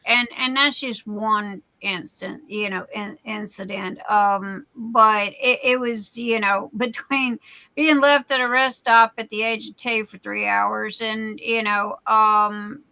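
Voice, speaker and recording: A woman's voice: fairly high pitch, steady tone, slow, vocal fry, sharp tone, no room sound, rough recording. A woman, telling a story in a rambling way on her livestream and often checking in with "okay?". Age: 60s. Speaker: livestream host.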